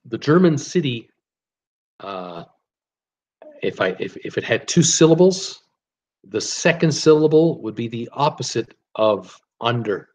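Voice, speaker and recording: A man's voice: mid-range voice, animated, unhurried, long pauses, a little mellow. A man hosting a casual live-stream trivia quiz, reading out viewers' guesses with lots of ums and uhs and chuckling at his own jokes.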